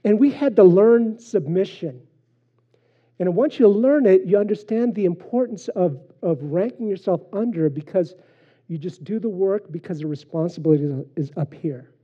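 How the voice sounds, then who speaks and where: Guy giving a sermon, bit high voice, husky, chatty w lots of uhs, muffled lo-fi audio. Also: moderate pace. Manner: conversational preaching with frequent fillers and anecdotes. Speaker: pastor. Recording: dull lo-fi sermon recording.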